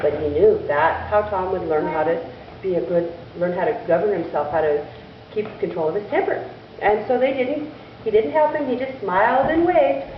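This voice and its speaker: A woman telling a church children's story in an animated way, asking the children questions as she goes, in a distant, echoey church recording. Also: medium pitch, moderate pace, dull audio, slight background noise. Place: church sanctuary.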